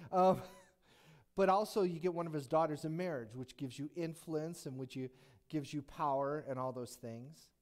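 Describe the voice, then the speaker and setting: With a fairly high voice at a moderate pace, this man preaches as a pastor. He retells a Bible story full of jokes and rhetorical questions, staying animated throughout.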